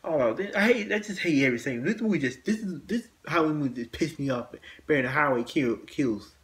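Man, slightly high voice, halting casual rant, repeats himself, blunt swearing. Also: animated. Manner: halting, many restarts and repeated words, blunt cursing. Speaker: host.

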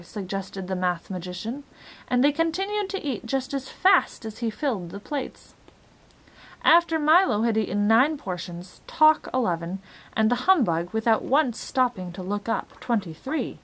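Woman, children's book reader, expressive, animated. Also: fairly high pitch, normal speed. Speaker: storybook reader. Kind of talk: reading a chapter book aloud.

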